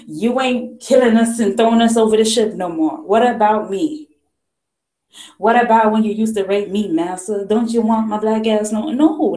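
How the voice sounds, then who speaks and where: A woman's voice: on the low side, a little mellow. A woman vlogger giving ranting commentary, emphatic and repetitive, firing off rhetorical questions. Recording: echoey room.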